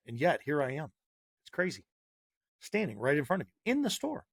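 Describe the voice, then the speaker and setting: Gravelly man ranting on a podcast. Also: on the high side, expressive, fast talker, a bit bright, no room sound. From Massachusetts. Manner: heated, sarcastic, punchy repetition. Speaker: podcast host. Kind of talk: opinionated podcast monologue.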